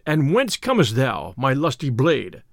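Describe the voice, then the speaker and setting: A man's voice: medium pitch, huge pitch swings, unhurried, vocal fry, no room sound, clean studio sound, pitched below the performer's own voice, heavily acted. A man reading aloud, voicing a cheerful, teasing young outlaw hero in an audiobook tale. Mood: hailing. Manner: jovial, playful.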